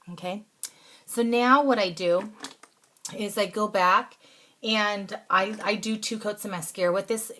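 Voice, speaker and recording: A woman hosting a casual makeup tutorial, talking through each step in an instructive, chatty way and now and then dropping into soft asides. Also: on the low side. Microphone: phone or camera close by.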